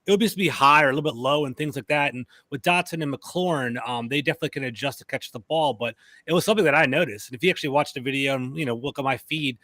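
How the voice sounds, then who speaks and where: Male host, quick rambling delivery, dry close mic, casual sports chat. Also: medium pitch, sharp tone, no room sound. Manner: rambling, conversational, fast-talking. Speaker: podcast host.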